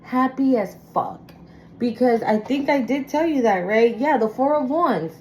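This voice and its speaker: A woman's voice: a little high, measured pace, a little mellow, slight background noise, poor audio. A woman giving a casual spoken tarot reading, talking bluntly and emphatically with plenty of swearing. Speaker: tarot reader.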